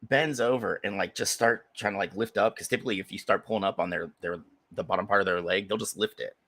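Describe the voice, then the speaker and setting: A man co-hosting a podcast, telling a story in casual chat, animated and laughing, acting out voices as he goes. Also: lowish voice, fast. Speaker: podcast co-host.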